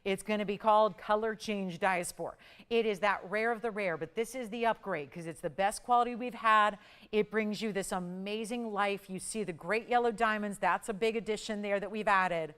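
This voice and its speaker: A woman hosting a live jewelry shopping show, pitching pieces and counting prices down in an upbeat sales patter. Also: moderate pace, fairly bright tone, smooth. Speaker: shopping channel host. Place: TV studio.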